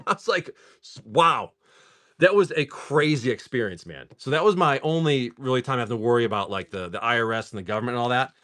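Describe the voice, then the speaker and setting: A livestream card seller tells a long story while opening card packs, speaking at medium pitch and a fairly quick pace. He's chatty and animated, constantly saying "dude" and "like."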